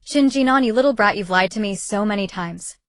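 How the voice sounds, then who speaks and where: A woman voicing a calm but stern young woman scolding her best friend, in an audiobook. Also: medium pitch, fairly quick, no room sound, clean studio sound, close to an everyday voice.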